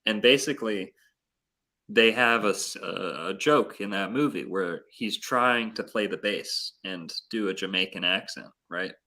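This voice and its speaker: A man's voice: fairly low pitch, measured pace, pushed and bright. A man telling rambling stories in a casual podcast chat. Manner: rambling, enthusiastic storyteller. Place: Florida.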